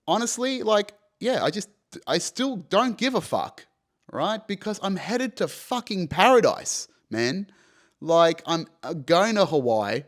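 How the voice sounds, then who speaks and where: A young man hosting a podcast, telling a personal story casually and animatedly, swearing freely and saying "you know" and "right" often. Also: fairly high pitch. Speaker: podcast host.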